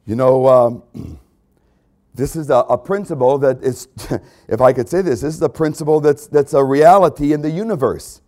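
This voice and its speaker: A man preaching a sermon as pastor, repeating key phrases and swinging between loud emphasis and hushed drops. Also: medium pitch, moderate pace.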